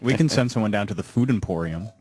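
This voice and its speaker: A man's voice: lowish voice, fast, a little mellow, husky. Matter-of-fact male radio producer. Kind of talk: casual radio banter.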